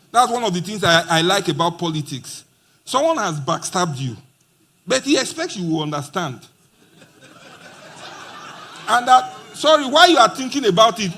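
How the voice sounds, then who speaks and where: Animated man giving a motivational talk. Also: high-pitched. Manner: animated, playful, acts out quoted dialogue. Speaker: conference speaker. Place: conference hall.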